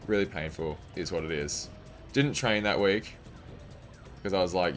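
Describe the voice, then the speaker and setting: A man's voice: low voice, unhurried, pauses often, soft background music. A young man with a non-American English accent, a game streamer chatting casually and telling a rambling story full of fillers. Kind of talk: casual chat while streaming.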